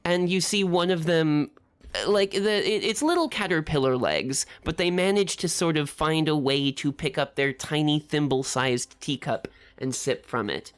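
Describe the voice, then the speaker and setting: A woman's voice: deep voice, moderate pace. A woman running a tabletop game as game master, narrating scenes in a descriptive, meandering way.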